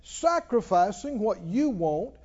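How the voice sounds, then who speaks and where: Man, pastor, sermon, high voice, lively pitch, mellow tone, muffled recording. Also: slow. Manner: emphatic preaching, rising to loud exclamations.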